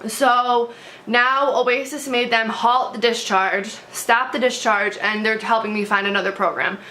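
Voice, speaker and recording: A woman's voice: fairly high pitch, fairly even intonation, a little slow, sharp tone. A young woman vlogging to camera, telling a story bluntly with lots of swearing, fillers and restarts.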